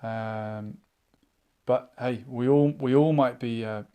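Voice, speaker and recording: A man hosting a live online chat show, musing out loud and reading viewers' comments aloud in a casual, thinking-aloud way. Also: medium pitch, fairly even intonation, takes it slowly, clear, resonant tone. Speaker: livestream chat host.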